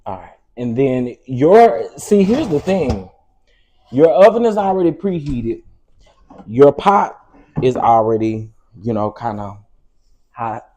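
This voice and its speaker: A man with a Southern American accent talks through a recipe in his home kitchen. His voice sits at a middle pitch with a mellow, warm tone. He is chatty and familiar, calling the viewers "baby" and "y'all". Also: sing-song, takes it slowly. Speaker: cooking show host. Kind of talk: casual cooking livestream.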